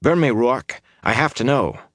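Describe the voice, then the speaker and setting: A man's voice: mid-range voice, lively intonation, normal speed, no echo, clean studio sound, pitched above the performer's own voice. A man voicing a young male hero who presses a reluctant companion for answers. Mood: urgent. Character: young man pleading urgently.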